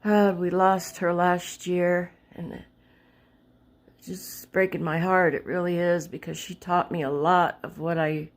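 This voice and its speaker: A woman's voice: on the low side, level tone, unhurried. A woman casually showing her paintings in a home vlog, rambling, searching for words and correcting herself as she walks along a wall. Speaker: vlogger showing her artwork. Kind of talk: casual show-and-tell vlog.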